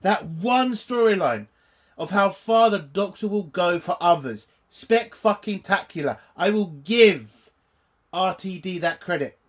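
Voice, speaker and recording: Angry male online reviewer, high-pitched, unhurried, profane ranting delivery. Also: animated. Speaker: YouTube reviewer.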